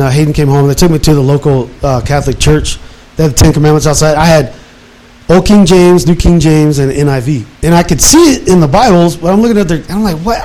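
A man in his fifties, retired from military service, tells his life story in casual, animated talk and acts out his own past words. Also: fairly high pitch, poor audio. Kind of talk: casual personal testimony.

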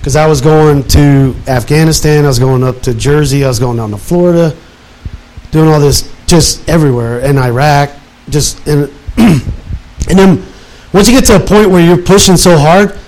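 A man in his fifties, retired from military service, tells his life story in casual, animated talk and acts out his own past words. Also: on the high side, low-quality recording. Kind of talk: casual personal testimony.

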